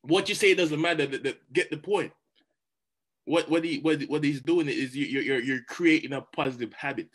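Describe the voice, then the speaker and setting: A man giving a motivational talk, animated and chatty, often repeating words as he goes. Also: fairly high pitch, moderate pace, slightly rough. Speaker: motivational speaker.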